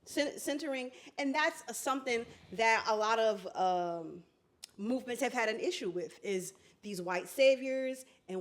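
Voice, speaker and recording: A woman's voice: fairly high pitch, moderate pace. Outspoken, heated woman podcast co-host. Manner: outspoken, heated, laughs often. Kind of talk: casual chat.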